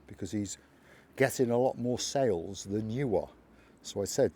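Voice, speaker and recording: A man's voice: fairly low pitch, animated, a little fast, dark tone, husky. An older man hosting his channel, telling a story in a chatty monologue and acting out remembered dialogue. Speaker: channel host. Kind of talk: casual motivational monologue.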